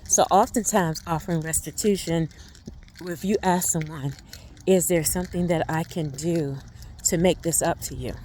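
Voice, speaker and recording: A woman's voice: deep voice, normal speed, dark tone, slight background noise. A middle-aged woman, a family life coach, giving a casual teaching talk. She speaks conversationally and often checks in with "right?".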